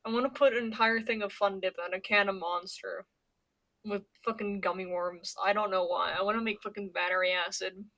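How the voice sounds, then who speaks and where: A woman's voice: mid-range voice, fairly even intonation, brisk, sharp tone. A young woman from Pennsylvania chatting casually on her stream, rambling and swearing, with lots of stammered restarts. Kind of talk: casual chat.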